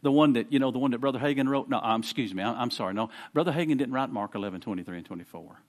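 A man preaching a sermon in a conversational way, often repeating words and swinging between quiet explanation and fervent emphasis. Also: medium pitch, rapid-fire.

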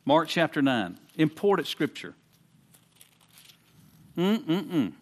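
A man preaching a sermon in a conversational way, often repeating words and swinging between quiet explanation and fervent emphasis. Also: a little high, very animated, slow.

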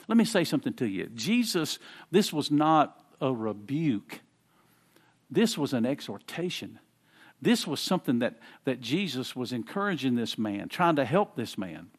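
A man preaching a sermon in a conversational way, often repeating words and swinging between quiet explanation and fervent emphasis. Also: medium pitch, very animated, moderate pace, breathy edge.

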